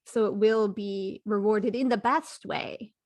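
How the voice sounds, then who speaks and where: A woman's voice: medium pitch, fairly even intonation, unhurried, a little mellow, no room sound. A woman hosting an interview podcast, affirming her guest and reflecting aloud as she works through her thoughts. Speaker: podcast host. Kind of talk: casual interview conversation.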